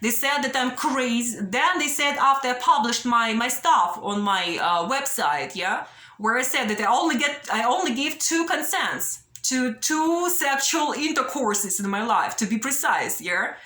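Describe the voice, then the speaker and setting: A woman's voice: on the high side, lively intonation, measured pace, sharp tone, roomy sound. A young woman vlogging straight to camera, pleading and anxious, ending many sentences with a questioning "yeah?". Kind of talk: direct-to-camera personal appeal.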